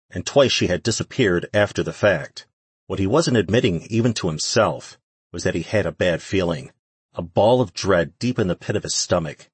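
A man narrating a fantasy audiobook in a steady, even reading. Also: sits low, breathy edge, no room sound. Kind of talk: scripted narration.

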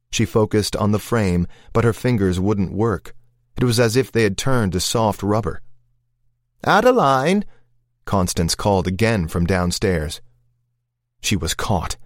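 Male audiobook narrator, low-pitched, dry close recording, measured suspense. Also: no echo.

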